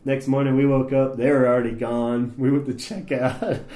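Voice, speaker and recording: A man's voice: mid-range voice, flat delivery, brisk, mellow, echoey room. A man co-hosting a podcast, telling a long story in casual chat, swearing and laughing often. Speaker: podcast co-host.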